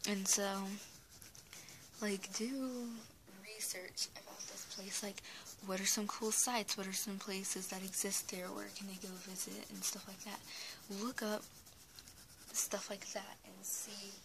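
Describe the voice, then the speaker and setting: Young woman, gravelly voice, flat delivery, hesitant and rambling, noisy camera recording at home. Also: medium pitch, a little slow. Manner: rambling, hesitant, many restarts and fillers. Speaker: art vlogger. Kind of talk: casual talking-head advice.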